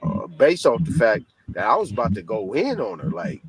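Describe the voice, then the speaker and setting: A man from California argues on a live-stream debate panel. His pitch swings widely as he makes his points emphatically, sometimes acting out what others said. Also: moderate pace, low-quality recording. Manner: emphatic, animated, mimics others.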